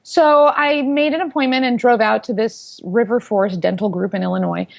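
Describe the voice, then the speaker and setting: Animated storytelling woman, higher voice. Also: normal speed, creaky. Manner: animated storyteller who acts out quoted voices. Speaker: founder, interview guest. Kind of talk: storytelling in an interview.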